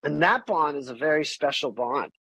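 Middle-aged man, podcast guest, animated and candid, somewhat high-pitched, dry close sound. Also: normal speed, creaky, husky, no room sound, poor audio. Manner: animated, candid, swears freely, acts out quoted voices. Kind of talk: casual interview conversation.

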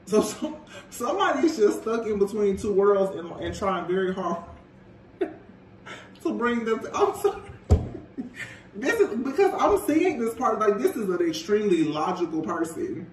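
A man giving a casual tarot reading in a gossipy, animated way, often breaking into laughter. The sound is roomy and taken from a distance with a faint hiss. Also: sits high, normal speed, long pauses. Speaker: tarot reader.

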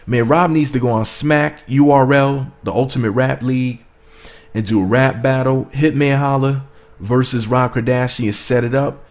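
A young man doing a casual commentary vlog, reading quotes aloud and hyping them up with animated reactions. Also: medium pitch, normal speed. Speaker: celebrity gossip vlogger.

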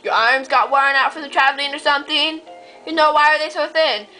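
A sulky coat hanger girl whines in a bright, piercing voice, as a woman puts her on. She sounds put-upon and nagging, the voice wobbling between squeaks and low grumbles in a silly homemade story. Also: steady tone, brisk, faint music behind, low-quality recording. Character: sulky female coat hanger who longs to fly.

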